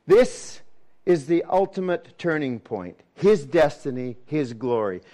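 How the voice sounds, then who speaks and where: A fairly high-voiced man preaching a sermon. He repeats key words for effect, fires rhetorical questions at his listeners, and swings between excited emphasis and quiet, dropped tones. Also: slow. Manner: repetitive, rhetorical questions to the congregation.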